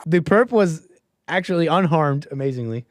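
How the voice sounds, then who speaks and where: A man's voice: fairly high pitch, animated, normal speed, noisy background. A man hosting a casual commentary livestream, sarcastic and often laughing. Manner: sarcastic, keeps breaking into laughter. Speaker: livestream host.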